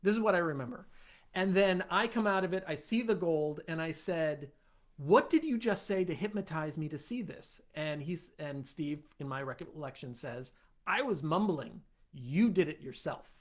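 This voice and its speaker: Male guest, higher pitch, halting, searching for words in casual recollection. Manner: hesitant, many restarts while recalling. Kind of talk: conversational interview.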